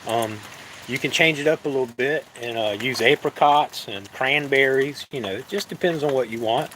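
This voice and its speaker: A man hosting a live cooking stream, talking casually to viewers in a halting, easygoing way with many fillers. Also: mid-range voice, fairly bright tone, a little hiss or hum, poor audio.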